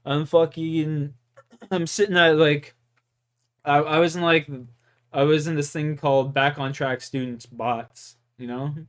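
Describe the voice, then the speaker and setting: A man's voice: a little high, little pitch movement, measured pace, clean tone. A young man from Canada telling rambling, profane stories in casual chat. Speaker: gaming streamer. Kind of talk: casual storytelling.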